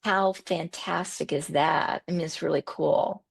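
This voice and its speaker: A middle-aged woman telling personal stories in an animated conversational way, repeating words for emphasis. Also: deep voice, a little slow, vocal fry, husky. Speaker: podcast host as interview guest. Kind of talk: conversational storytelling.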